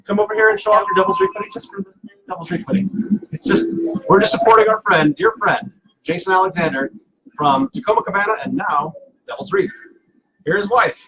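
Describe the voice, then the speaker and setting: A man's voice: high-pitched, lively intonation, fairly quick, vocal fry, lo-fi sound, noisy background. A man hosting a casual live cocktail stream from home, playful and self-mocking, rambling with fillers. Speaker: cocktail show host.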